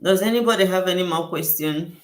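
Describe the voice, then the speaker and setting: A skincare consultant hosts a casual livestream Q&A, speaking effusively, repeating herself, and thanking her viewers often. Her voice is fairly low and brisk. The recording has a roomy echo.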